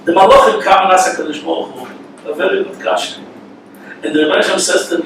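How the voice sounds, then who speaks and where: A man's voice: high-pitched, fast, vocal fry. A man, a rabbi giving a sermon, telling stories and acting out the characters, mixing in Hebrew and Yiddish words. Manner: animated, acts out the characters in his stories, sprinkled with Hebrew and Yiddish. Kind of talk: sermon with storytelling. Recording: echoey room from far off, faint noise.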